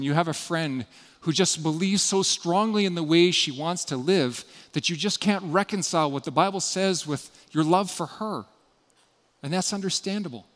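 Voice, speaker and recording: A man preaching a sermon as pastor, earnest and often dropping to a quiet, intimate tone. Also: fairly high pitch. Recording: long hall reverb.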